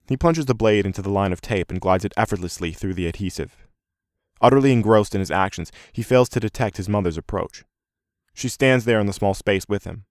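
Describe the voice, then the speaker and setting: Casting: male narrator for a first-person story, measured delivery, very low voice, dry close read. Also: no room sound.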